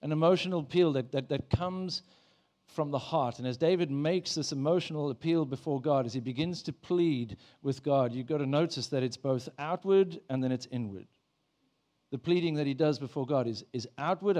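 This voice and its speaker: A man's voice: on the high side, normal speed, warm tone. A man preaching a sermon in church, talking in a conversational way, with many restarts and prayers he acts out in the first person. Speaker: pastor.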